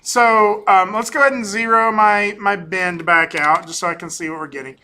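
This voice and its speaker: A male animation instructor lecturing casually through a software demo, often ending points with "right?" and pausing on "um". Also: high-pitched, steady tone, a little hiss or hum. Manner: casual, talkative, keeps tagging on "right?"; frequent ums and restarts. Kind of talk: recorded class lecture with screen demo.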